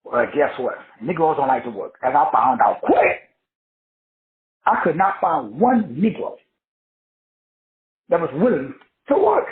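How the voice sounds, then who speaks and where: A man's voice: a little high, very animated, a little slow, pauses often. A middle-aged man giving a casual motivational talk as a life coach, slangy and profane, acting out the voices of people he describes. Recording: tinny phone-like sound.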